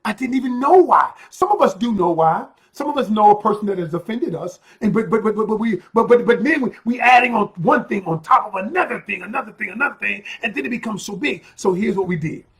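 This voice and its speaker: A man giving an emphatic motivational talk as a relationship coach, repeating phrases and bursting into loud, heated stretches. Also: high voice, lively intonation, fast talker, hardly any pauses.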